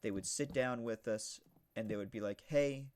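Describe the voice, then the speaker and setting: A young man streaming a game, casually telling a rambling story with lots of restarts, now and then shouting a punchline. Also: on the low side, fairly even intonation, normal speed. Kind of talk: casual storytelling while gaming.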